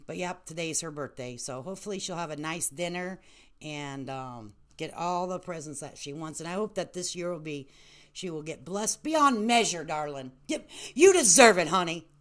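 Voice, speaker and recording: A woman's voice: fairly low pitch, expressive, measured pace. A woman in her late thirties hosting a casual livestream, chatty and affectionate, laughing often and calling viewers honey and baby. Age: 30s. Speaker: livestream host.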